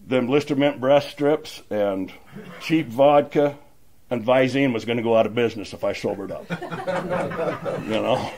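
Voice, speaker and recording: A man's voice: medium pitch, lively intonation, a little slow, darkish tone. A middle-aged man from Utah telling his recovery story at a meeting, rambling and acting out the dialogue. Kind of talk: personal recovery story, casual.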